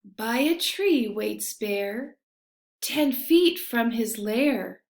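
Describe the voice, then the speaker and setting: Slow, gentle woman reading a storybook. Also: a little high. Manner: gentle, expressive reading with hushed refrains. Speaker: storybook reader. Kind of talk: reading a children's picture book aloud. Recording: roomy echo.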